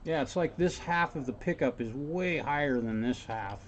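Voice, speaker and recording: A man's voice: mid-range voice, lively intonation, moderate pace, a little hiss or hum. A man working as a guitar repair technician, thinking aloud and chatting casually with viewers as he works in his workshop. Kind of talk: casual workshop stream talk.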